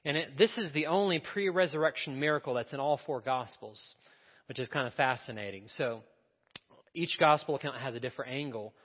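A man's voice: medium pitch, fairly quick, slightly rough. A man preaching a sermon as a pastor, telling a story and asking the congregation questions in a conversational way. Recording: dull sound with long hall reverb.

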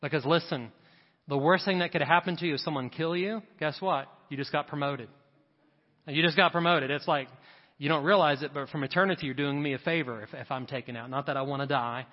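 A middle-aged man preaching a sermon as a pastor, with rising emphasis and quick asides to the congregation. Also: fairly high pitch. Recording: dull sound with long hall reverb.

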